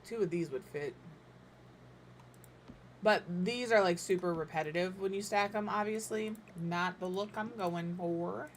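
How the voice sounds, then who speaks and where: A woman in her thirties with a slightly low voice talks through her building choices in a loose, chatty way, teasing herself as she goes. She sometimes speaks while chewing. A faint hum of room noise sits under her voice. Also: a little slow. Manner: chatty, self-mocking, thinks aloud. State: talking while eating. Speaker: game builder streamer. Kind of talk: casual build commentary.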